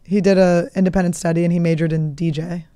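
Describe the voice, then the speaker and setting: A woman's voice: fairly low pitch, little pitch movement, quick pace, mellow. A woman in her thirties hosting a comedy podcast, telling stories in a blunt, profane, joking way. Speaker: podcast host. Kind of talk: casual comedic chat.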